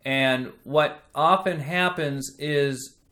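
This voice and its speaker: Slow bright-voiced male voice teacher. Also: fairly high pitch. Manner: demonstrates sung vowels between explanations; slow, patient, thoughtful delivery. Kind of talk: singing lesson explanation.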